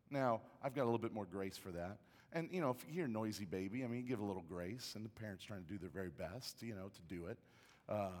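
Male pastor, conversational preacher, repeats himself, builds to loud excitement; church hall with a long echo. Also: medium pitch. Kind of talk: sermon with a personal story. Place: church auditorium. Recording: long reverb of a large hall.

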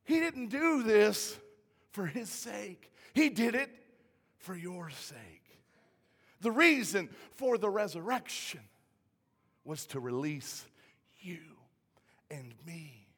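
A male pastor preaching a sermon, swinging from hushed, quiet lines to shouted peaks. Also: high voice, big pitch swings, slow pace, pauses often, breathy edge. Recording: hall reverb.

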